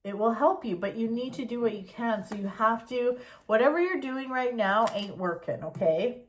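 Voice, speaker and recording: A woman giving a casual tarot reading, chatty and expressive as she talks through the cards. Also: a little high, moderate pace. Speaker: tarot reader.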